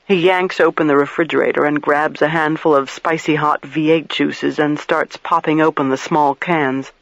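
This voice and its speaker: A man reading a crime novel aloud in first-person narration, measured and steady. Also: fairly high pitch, gravelly, no echo, muffled recording. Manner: measured, storytelling. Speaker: audiobook narrator.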